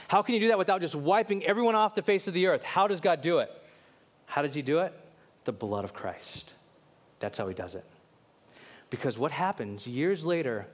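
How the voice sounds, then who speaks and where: A man preaching a sermon, swinging from loud emphatic questions to low, quiet lines and acting out biblical characters in quick asides. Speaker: pastor.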